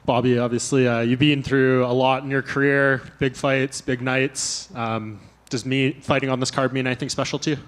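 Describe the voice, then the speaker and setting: Flat-voiced male reporter asking questions. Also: medium pitch, moderate pace, hardly any pauses. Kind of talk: interview questions.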